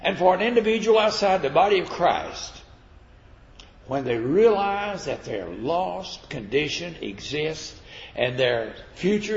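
A man's voice: on the high side, vocal fry. A man preaching a sermon in a folksy, conversational way, retelling scripture stories as he goes. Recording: echoey hall, dull lo-fi sound.

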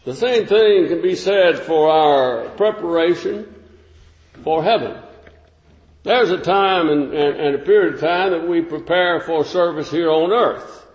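An older man delivers a sermon in a slightly high voice, talking it through plainly and then pressing key points with emphasis. His voice rings through a reverberant hall, and the recording sounds a little dull and muffled. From United States. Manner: measured, conversational preaching with emphatic rises. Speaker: preacher.

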